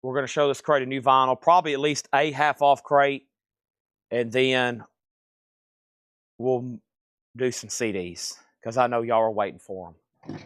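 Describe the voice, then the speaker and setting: A man hosting a live record sale, rattling off items and prices in a casual, brisk way. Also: medium pitch, a bit bright, no echo, clean studio sound. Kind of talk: livestream sales pitch.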